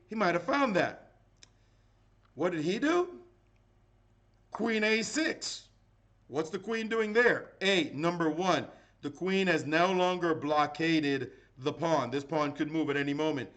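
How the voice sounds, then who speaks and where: Animated, playful male chess commentator. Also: sits high. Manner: animated, playful, dramatic exclamations.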